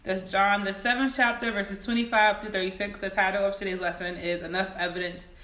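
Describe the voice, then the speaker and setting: A woman leading a livestreamed Sunday school lesson on her phone, greeting viewers by name and reading each question slowly, then repeating it. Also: mid-range voice, flat delivery, bright, forceful tone, roomy sound. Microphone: phone camera.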